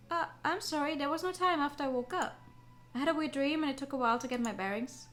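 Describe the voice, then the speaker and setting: A woman's voice: sits high, quick pace. Giggly woman streaming a game. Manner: excitable, giggly, swears casually. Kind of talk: gaming stream, reading a visual novel aloud.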